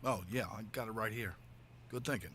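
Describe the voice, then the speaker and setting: A man voicing a video game detective who investigates a robbery in a matter-of-fact, brisk way. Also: on the low side, fairly bright tone.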